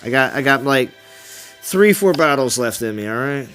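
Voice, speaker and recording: Male stream host, casual gaming chat, upbeat and a bit repetitive, mid-pitched. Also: lively intonation, normal speed, fairly bright tone, soft background music. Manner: upbeat, reads out chat and repeats himself.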